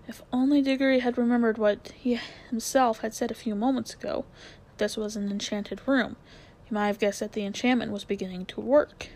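A woman narrating a children's novel aloud with expressive storytelling, lowering her voice for suspense. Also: gravelly.

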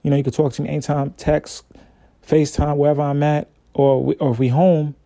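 A man's voice: a little high, flat delivery, brisk, vocal fry, mellow, dry recording, studio quality. A man hosting a casual solo podcast, talking in a laid-back, slangy, conversational way. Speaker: podcast host, father.

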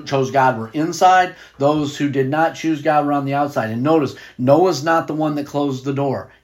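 A man teaching a Bible study in a casual, conversational way, reading scripture and wandering off on tangents. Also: mid-range voice.

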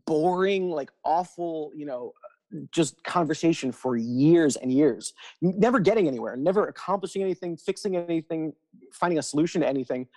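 A man with a fairly high voice talks as a podcast guest. He is animated, speeds through quick bursts and often restarts a phrase. The feel is casual chat.

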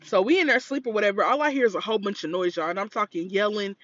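A woman co-hosting a podcast, telling a story in casual chat and acting out the yelling in it. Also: mid-range voice, very fast, no echo, dull audio. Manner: animated, acts out quoted yelling. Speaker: podcast co-host.

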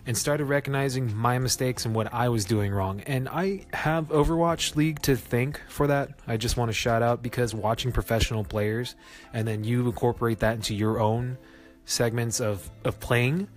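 Casual guy rambling on his gaming podcast, mid voice, pops up high when he gets excited, faint music in the back. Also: normal speed. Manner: chatty, self-mocking, laughs at his own jokes; animated, jumps up in pitch for emphasis. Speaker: podcast host. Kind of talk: casual solo podcast talk.

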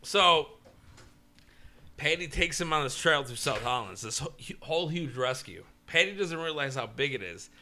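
A man telling stories in crude, casual banter with friends, profane and animated. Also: fairly high pitch, normal speed.

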